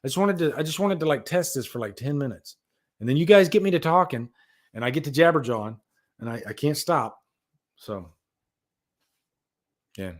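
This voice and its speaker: A man hosting a casual livestream, rambling and animated as he tells stories and reads out chat. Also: a little high, normal speed, long pauses. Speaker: livestream host.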